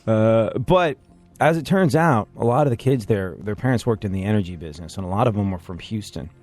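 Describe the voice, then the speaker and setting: A man hosting a casual podcast with a slightly low voice, wry and self-deprecating as he rambles through his stories. Faint music plays underneath. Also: animated, a little fast, a little mellow, no echo. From England. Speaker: podcast host. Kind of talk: casual chat.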